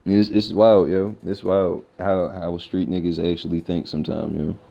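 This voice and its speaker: A man co-hosting a podcast in casual chat, telling stories in an animated, slangy, emphatic way. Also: low voice, normal speed, vocal fry, lo-fi sound. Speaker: podcast co-host.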